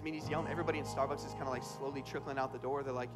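A male pastor giving an energetic, casual sermon full of personal stories at a church service. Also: a little high, quick pace, loud music behind the voice. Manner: energetic, casual storytelling with slang.

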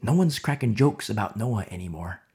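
A man's voice: fairly low pitch, animated, normal speed, a little mellow. A man preaching a sermon in an emphatic, storytelling way, often repeating himself for emphasis.

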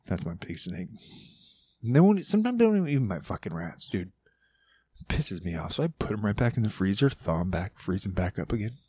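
A man talking casually on a podcast, loud, rambling and full of swearing. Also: lowish voice, sing-song, fast, breathy edge, no echo. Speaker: podcast guest. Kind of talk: casual monologue.

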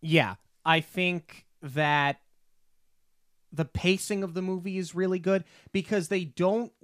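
A man's voice: a little high, a bit bright, no echo, studio quality. A man co-hosting a casual podcast who retells scenes with enthusiasm. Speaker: podcast co-host. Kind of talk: casual film discussion.

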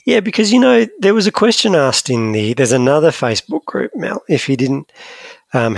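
A Scottish man co-hosts a podcast, chatting casually in a rambling, joking, self-deprecating manner. His voice sits in the mid-range with some vocal fry, and the recording has no room sound.

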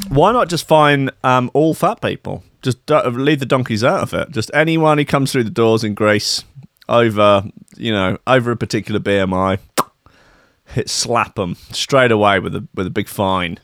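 A man's voice: medium pitch, moderate pace, dry recording, clean studio sound. A man giving sarcastic, mocking commentary on news stories. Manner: deadpan, mocking rant.

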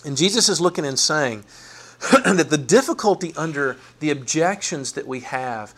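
Male pastor, lively high-leaning voice, animated sermon delivery. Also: moderate pace. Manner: animated, voices Bible figures with playful asides.

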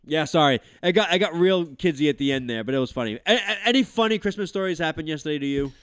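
A man's voice: fairly high pitch, fast talker, smooth, dry recording, clean studio sound. A man in his thirties hosting a podcast, telling rambling family stories with lots of fillers and swearing. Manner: animated storyteller, swearing, many fillers. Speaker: podcast host. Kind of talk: casual chat.

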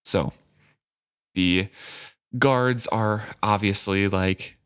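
A man co-hosting a casual book podcast, reading passages aloud and paraphrasing them in a relaxed way. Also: on the low side, moderate pace. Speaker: podcast co-host.

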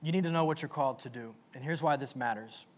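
A man preaching a sermon to a live audience in an animated, energetic way, with call-and-response. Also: mid-range voice, fast. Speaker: pastor.

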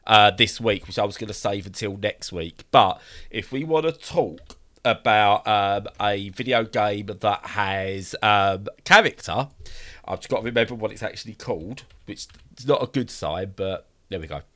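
A man's voice: on the low side, moderate pace, sharp tone. A man co-hosting a casual podcast chat, rambling enthusiastically with lots of fillers and restarts. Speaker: podcast co-host.

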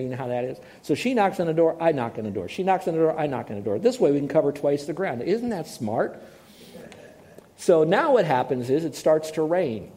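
Mellow-voiced preacher telling stories. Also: male voice, on the high side. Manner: conversational storytelling, asks the audience questions. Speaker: pastor. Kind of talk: sermon with personal stories.

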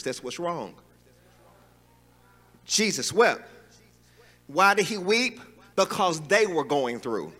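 A man's voice: high voice, big pitch swings, slow pace, long pauses, bright, forceful tone, long reverb tail. A man preaching a sermon in a conversational, emphatic way, with asides and chuckles.

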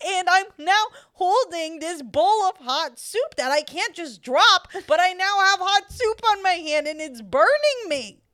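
A woman's voice: very high-pitched, measured pace, few pauses. A woman co-hosting a podcast in casual chat, telling stories with lots of laughter and swearing. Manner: animated storyteller who laughs and swears often. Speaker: podcast co-host.

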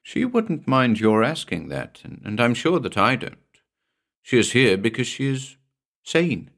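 A man voicing a slow, gentle, troubled asylum inmate. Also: mid-range voice, very animated, voice pushed up, full character voice. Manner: feeble and strained, brooding.

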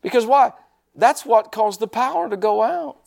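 A man's voice: extremely high pitch, lively intonation, normal speed, creaky, darkish tone. A male pastor preaching a sermon, asking the congregation questions and drawing responses. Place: church sanctuary.

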